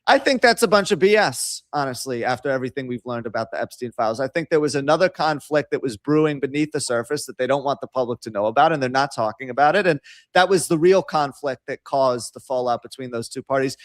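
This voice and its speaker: A man's voice: medium pitch, quick pace, dry recording. A man with a Brooklyn accent, co-hosting a casual political talk show, giving long, confident, opinionated explanations. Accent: New York, Brooklyn. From North Brooklyn, New York City. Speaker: co-host and producer.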